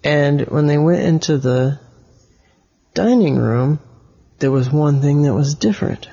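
Gravelly man telling a halting story. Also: fairly high pitch, mellow, highs cut off. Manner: halting, with many restarts and explanations. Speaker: storyteller to a child. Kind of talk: improvised bedtime storytelling.

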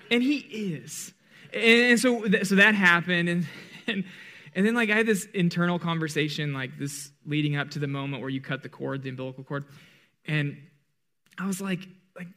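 A male worship leader with a slightly raised pitch, telling a story in a loose, joking way. He trips over restarts and fills gaps with "like," and jumps up high whenever he acts out what someone said. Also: brisk, pushed and bright. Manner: rambling, self-deprecating and humorous, many "like" fillers and restarts; acts out quoted lines with big pitch jumps. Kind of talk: storytelling before a song in a church service.

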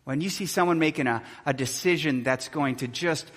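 A man preaching a sermon as pastor, animated, acting out shouts and quotes and dropping to a hush. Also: a little high, normal speed. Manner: animated, acts out shouts and quotes, swings from loud to hushed. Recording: long hall reverb.

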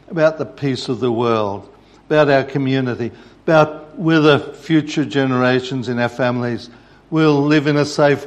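A man preaching a sermon, telling a story in a measured way. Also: medium pitch.

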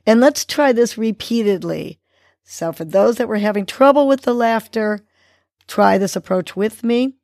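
A woman leads a guided breathing exercise on her podcast in a slow, gentle, encouraging way. Her voice has a gravelly, creaky edge. The sound is close and dry. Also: mid-range voice, animated, no echo. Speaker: podcast host.

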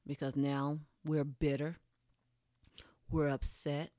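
A woman's voice: low voice, little pitch movement, slow pace, mellow, no room sound, clean studio sound. A woman giving a casual, blunt monologue straight to her audience, candid and swearing freely.

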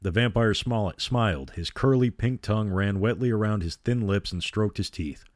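A man with a low voice reads a horror story aloud at a measured, steady pace. The sound is dry and close to the mic, with no room around it. He stays calm and even as he reads. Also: no room sound. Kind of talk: reading a horror novel aloud.

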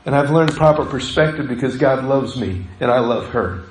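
A man's voice: medium pitch, moderate pace, echoey room, poor audio. A middle-aged male pastor preaching a sermon, telling stories in a conversational way and acting out the voices of the people he quotes. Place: church sanctuary.

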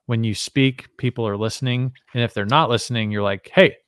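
A man's voice: mid-range voice, steady tone, fairly quick, a bit bright, clean tone, no echo, studio quality. A man co-hosting a podcast, chatting casually, joking with his partner and asking him questions. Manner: chatty, asks questions, jokes with his co-host. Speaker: podcast co-host.

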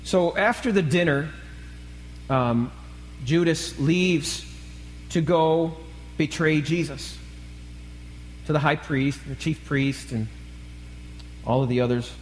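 A male pastor preaching a live sermon, asking the congregation questions and acting out quotes with sudden loud, high bursts. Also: slow pace, long pauses, slight background noise. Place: church. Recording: long hall reverb from a church.

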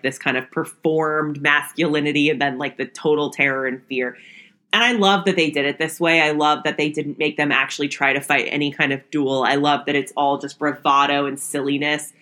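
A woman's voice: deep voice, a bit bright. A young woman hosting a podcast, recapping an old sitcom episode in a chatty way, laughing often. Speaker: podcast host.

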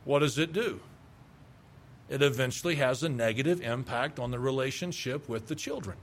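A man's voice: mid-range voice, normal speed, slight background noise. A middle-aged male pastor preaching a sermon with emphasis, acting out the replies people give. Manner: emphatic, acts out quoted replies.

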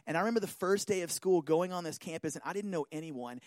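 A man giving an animated talk, telling a personal story and often checking in with listeners. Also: fairly high pitch, fast, no room sound. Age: adult.

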